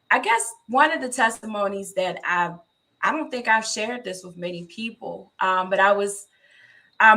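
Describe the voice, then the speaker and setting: Bright-voiced woman co-host, earnest storyteller. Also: medium pitch, vocal fry. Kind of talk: faith-based casual talk.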